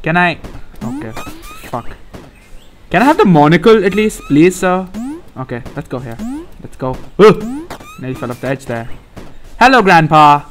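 A young man hosting a let's play, reacting excitably and profanely to a puzzle game as he plays. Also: fairly high pitch, moderate pace, long pauses, soft background music. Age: young adult. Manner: excitable, profane, often laughing. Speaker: gaming channel host.

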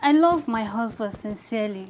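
A woman's voice: on the high side, expressive, moderate pace, natural voice. A woman playing a shy, hesitant young wife. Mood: reluctant. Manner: hesitant, reluctant, stammering. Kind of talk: scripted drama acting.

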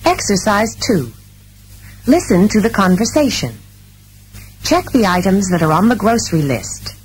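A woman narrating textbook audio, reading exercise instructions in a slow, careful way. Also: mid-range voice, sing-song, slightly rough, rough recording.

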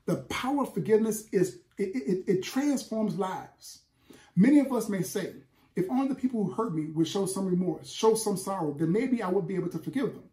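A man's voice: sits high, lively intonation, brisk, mellow, echoey room. A man preaching a sermon in an emphatic, rhythmic style, building repeated lists. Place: church sanctuary.

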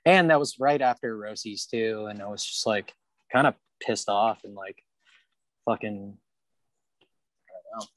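Recorded on a Kansas City porch with no echo, this male rollerblader speaks as a podcast guest in a somewhat low voice. He's measured and leaves long pauses, bluntly swearing and using lots of fillers in the casual interview.

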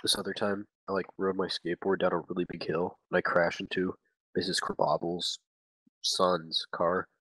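A man's voice: low voice, little pitch movement, moderate pace, a bit bright, husky, no echo, poor audio. A man improvising a comic monologue as a dim-witted, crude eighteen-year-old boy, rambling with a slacker drawl and lots of swearing.

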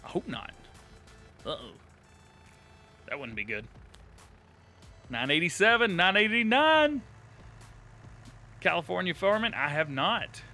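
A bright, lively man with a twang talking through a live game stream, his pitch jumping around as he laughs and reads out chat. Soft game music plays underneath. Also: unhurried, long pauses. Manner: excitable, laughs often, thanks chat warmly. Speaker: live-streaming gamer host. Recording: light game music behind.

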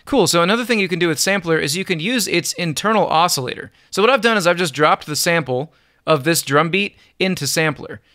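A man giving an upbeat, relaxed music production software tutorial, chuckling now and then as he explains. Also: fairly high pitch, brisk, no room sound, clean studio sound. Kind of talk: screen-recorded software tutorial.

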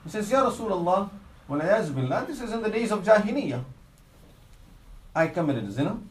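A man's voice: sits high, very animated, moderate pace, reverberant, a little hiss or hum, rough recording. A man giving a sermon in English that he mixes with Arabic religious phrases, telling a story earnestly and dropping his voice for its saddest parts. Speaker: Islamic preacher.

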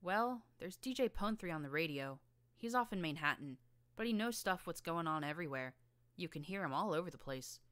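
A woman's voice: on the low side, animated, brisk, a bit bright, no echo. Woman doing a scrappy drawling filly. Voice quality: rough rural drawl. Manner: blunt, boastful, slangy. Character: tough streetwise young filly gang leader.

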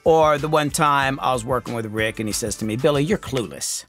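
A middle-aged man, a music producer hosting his own show, telling candid, self-deprecating stories that swing from animated to quietly reflective. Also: mid-range voice, brisk. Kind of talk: candid storytelling monologue.

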